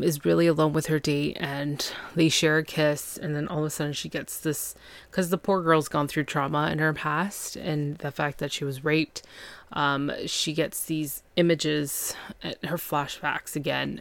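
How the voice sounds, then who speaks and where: Woman podcast host, low voice, chatty recap full of acted-out quotes, dry close recording. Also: no echo. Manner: chatty, acts out quotes with fillers and laughs. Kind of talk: casual TV recap.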